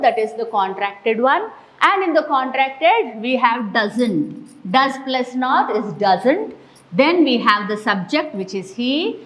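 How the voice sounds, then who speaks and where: A woman with an Indian English accent teaching a grammar lesson, spelling out sentence patterns slowly and deliberately. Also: a little high, low-quality recording.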